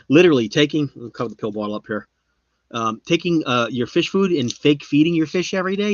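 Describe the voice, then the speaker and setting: A man hosting a live stream, chatting casually with viewers and rambling, his voice often trailing off quietly. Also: on the high side, expressive, fast talker, no echo. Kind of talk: casual chat. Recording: slightly muffled lo-fi sound.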